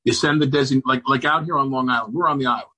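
A man on a video call from home, chatting as a talk show guest, halting and restarting often, with dry sardonic humor. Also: medium pitch, sharp tone, slight background noise, poor audio. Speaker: celebrity guest. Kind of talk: casual interview chat. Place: home on Long Island.

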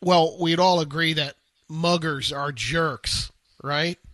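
Man, radio co-host, deadpan, slightly high voice. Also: slow pace, dry recording. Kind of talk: radio banter.

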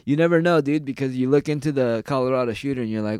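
A man's voice: mid-range voice, fast, a little mellow, smooth, dry recording, clean studio sound. A man ranting casually in a sarcastic, profane and rambling way, jumping from one complaint to the next.

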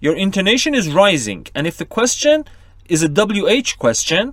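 Lively-voiced man explaining English questions. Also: high voice, fast, no echo, studio quality. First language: Persian. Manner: gives examples and explains patiently. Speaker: guest English teacher. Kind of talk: podcast discussion.

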